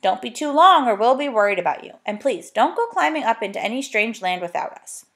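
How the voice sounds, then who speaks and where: A woman's voice: a little high, animated, fairly quick, fairly bright tone. A woman reading a storybook, voicing a patient, cheerful young girl. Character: bright, friendly young girl.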